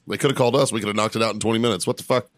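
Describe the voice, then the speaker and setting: A man's voice: fairly low pitch, fairly even intonation, rapid-fire, no room sound, studio quality. A man hosting a podcast in crude, joking banter with his friends. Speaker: podcast host. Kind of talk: casual chat.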